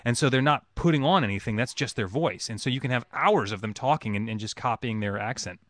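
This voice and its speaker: A man who is a voice actor answers fan calls in casual chat, thoughtful and relaxed, with many ums and uhs, over a webcam video chat. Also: mid-range voice, quick pace, no echo.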